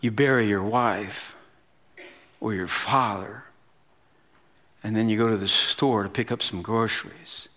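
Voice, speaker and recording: A pastor in his fifties giving a sermon, telling a story in a conversational, animated way with casual asides. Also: fairly low pitch, unhurried, pauses often.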